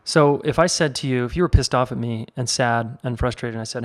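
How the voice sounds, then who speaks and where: A man's voice: medium pitch, fairly quick. A man hosting a relationship advice podcast, chatting casually as he reads a listener's question and comments on it. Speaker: podcast host.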